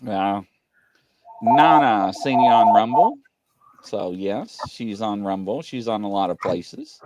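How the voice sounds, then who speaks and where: A man's voice: fairly low pitch, slow, a little mellow. A man hosting a casual live show, rambling through stories and reading viewer comments, often laughing. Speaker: talk show host.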